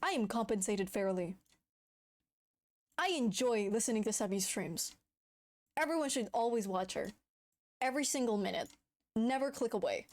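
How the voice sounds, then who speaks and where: A woman's voice: a little high, animated, normal speed, pauses often, darkish tone, natural voice. A woman doing a chirpy sleepless young editor guy. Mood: mock-cheerful.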